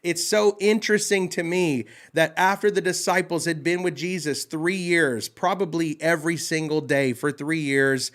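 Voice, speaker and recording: A man's voice: on the high side, steady tone, normal speed, hardly any pauses, fairly bright tone. A man hosting a devotional talk show, fired up and emphatic, often repeating himself as he speaks. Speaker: host.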